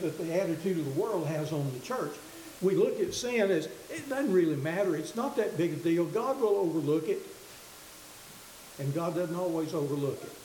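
A man preaching a sermon with a high, mellow voice. He talks earnestly and haltingly, restarting phrases as he goes. The room is echoey, with a faint hiss under the recording.

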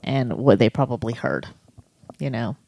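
A woman's voice: very deep voice, normal speed, vocal fry, darkish tone. A woman in her thirties co-hosting a casual faith podcast, telling stories with many fillers and restarts. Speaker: podcast co-host.

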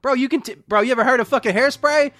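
A man's voice: very high-pitched, very fast, fairly bright tone, no echo. A man co-hosting a film podcast, teasing and joking in casual chat. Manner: teasing, jokey. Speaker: podcast co-host.

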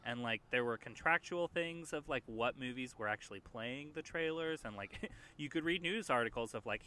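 Bright-voiced rambling podcast host. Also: male voice, mid-range voice, expressive, normal speed, a little hiss or hum. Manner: rambling, filler-heavy. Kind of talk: casual movie podcast chat.

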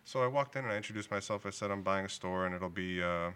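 A man's voice: low voice, fast, fairly bright tone, clean tone. A man with a New England accent, a liquor store owner telling his story in a casual interview, laughing easily. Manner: laughs easily, acts out quoted dialogue.

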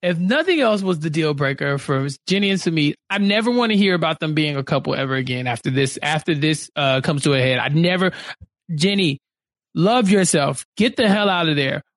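A man's voice: a little high, expressive, a little fast, fairly bright tone, no echo, clean studio sound. A man co-hosting a podcast, ranting in an exasperated, exclamatory way during a casual reality-show recap over a video call. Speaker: podcast co-host.

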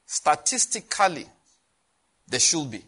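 A man delivering a sermon in a husky, somewhat high voice. He preaches in a lively way, laughing often and throwing questions out to his listeners. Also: a little slow. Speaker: pastor.

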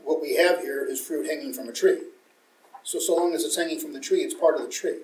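A man's voice: on the high side, brisk, darkish tone. A man in a study discussion, making his point methodically, step by step. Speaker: participant. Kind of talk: discussion comment. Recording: echoey room, far from mic.

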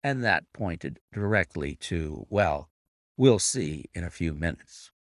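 A man narrating a classic detective story aloud with a deliberate, expressive reading. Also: deep voice. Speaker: reader and annotator of classic stories.

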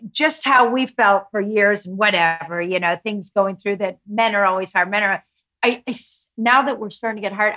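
A middle-aged woman guest on a podcast, speaking in a meandering, animated way about her show. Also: medium pitch, rough recording. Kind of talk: casual podcast interview.

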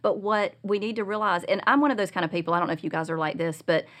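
Earnest middle-aged woman, lowish voice. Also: racing. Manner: earnest, confessional, animated when retelling. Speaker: guest speaker on Christian parenting. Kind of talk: personal storytelling in conversation.

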